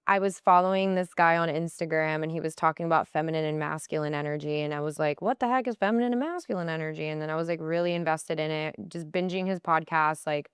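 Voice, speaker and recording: A woman talks through her own stories on a podcast, her voice fairly low but smooth and clear. She often jumps up into high, playful voices to quote herself and friends. The sound is dry and close to the mic. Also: little pitch movement, fast talker, few pauses, no echo. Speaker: podcast guest. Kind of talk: conversational interview storytelling.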